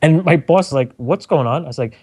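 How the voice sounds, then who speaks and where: Middle-aged male radio engineer, animated anecdote teller with a slightly high voice. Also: fast talker, husky. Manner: animated storyteller, acts out quotes, laughs often. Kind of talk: telling anecdotes on a talk show.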